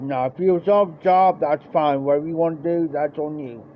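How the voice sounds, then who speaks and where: This is a casual live-stream story from a Midwestern American man who rambles folksily and imitates the people he describes. His voice is slightly high and he talks fairly quickly. Sound quality is dull and lo-fi, carrying faint noise.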